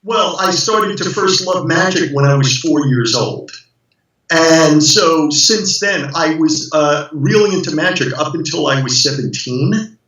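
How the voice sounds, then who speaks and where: A man's voice: a little high, expressive, unhurried, a bit bright. A man guesting on an interview show, talking earnestly with many hesitant fillers. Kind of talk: casual interview chat. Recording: distant mic with heavy echo.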